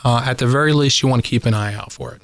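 A man's voice: medium pitch, very fast, creaky, no echo. A man speaking as a guest expert on a radio talk show, telling stories with lots of "uh" fillers. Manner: animated storyteller, many "uh" fillers. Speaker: pest control guest expert.

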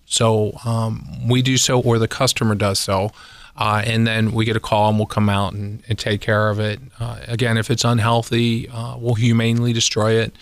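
A man's voice: fairly low pitch, level tone, moderate pace, dry recording. Chatty pest control guy on a radio show, ums and little laughs, dry close sound. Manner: rambling, chuckling, many fillers. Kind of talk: casual radio interview storytelling.

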